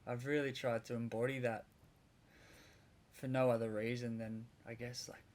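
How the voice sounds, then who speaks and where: A man's voice: mid-range voice, level tone, moderate pace, darkish tone. A man, a podcast guest, telling a vivid story in casual conversation, rambling a little with restarts.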